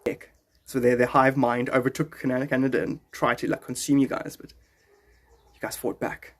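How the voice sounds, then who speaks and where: A man's voice: mid-range voice, level tone, normal speed. A man streaming live and chatting casually with viewers, rambling and joking with frequent chuckles. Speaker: livestreamer. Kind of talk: casual livestream chat.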